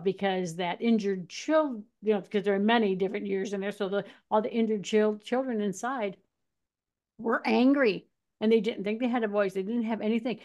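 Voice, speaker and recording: Woman co-host, lively anecdotal talker who voices her own quotes; a touch high-pitched. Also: moderate pace. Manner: animated, laughing storyteller acting out quotes. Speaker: podcast co-host. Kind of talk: casual conversational storytelling.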